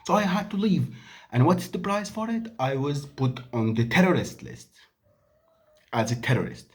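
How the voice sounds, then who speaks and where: A man's voice: on the high side, animated, normal speed. A Syrian man in his thirties, a native Arabic speaker, delivering an angry, emphatic monologue full of rhetorical questions. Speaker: vlogger. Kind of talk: impassioned monologue to camera.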